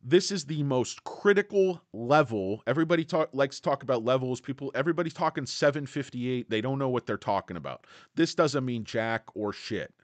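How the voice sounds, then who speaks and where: A brash man hosts a casual livestream about stocks, speaking bluntly and joking with his viewers. His voice sits at a middling pitch. The sound is dry and close, with no room echo. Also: lively intonation, a little fast, hardly any pauses. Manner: blunt, brash, jokey, greets chat viewers. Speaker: livestream host.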